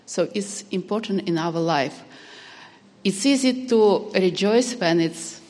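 Woman, slow and deliberate, simple phrasing, long church reverb. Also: medium pitch, expressive, a little mellow. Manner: simple, non-native phrasing. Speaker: congregant. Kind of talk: sharing a favorite scripture verse.

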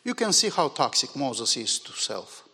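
A man whose first language is not English, preaching a sermon in a church hall, moving from quiet musing to loud, emphatic bursts. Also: mid-range voice, sing-song, normal speed, slightly rough. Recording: long hall reverb.

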